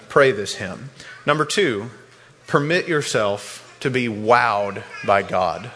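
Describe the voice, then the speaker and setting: Man, pastor, earnest sermon, mid-pitched voice, long hall reverb. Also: a bit bright. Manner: earnest, repeats words when stressing a point. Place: church sanctuary.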